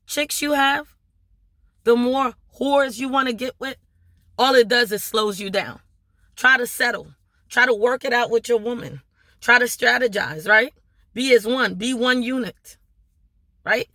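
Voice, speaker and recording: A woman's voice: mid-range voice, pushed and bright, no room sound, clean studio sound. A woman from Maryland with a local accent, giving an impassioned motivational talk to her viewers, emphatic and full of rhetorical questions. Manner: preachy, emphatic, repeating rhetorical questions with "right?". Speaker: small business owner and vlogger.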